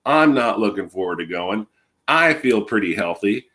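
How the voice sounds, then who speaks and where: A man's voice: lowish voice, animated, normal speed, sharp tone. A man in his forties with a cold, streaming an angry, profane, rambling rant to camera. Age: 40s. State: has a cold. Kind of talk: ranting monologue to camera.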